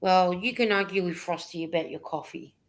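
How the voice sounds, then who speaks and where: A woman's voice: lowish voice, fairly quick. A woman co-hosting a casual livestream chat, reading viewers' comments aloud and laughing often.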